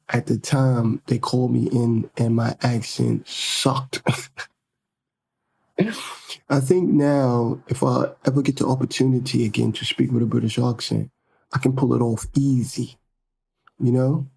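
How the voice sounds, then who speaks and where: A man's voice: mid-range voice, gravelly, darkish tone, slightly rough. A middle-aged man, rambling chattily as he tells stories on his podcast and keeps interrupting himself. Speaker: podcast host. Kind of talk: casual podcast storytelling.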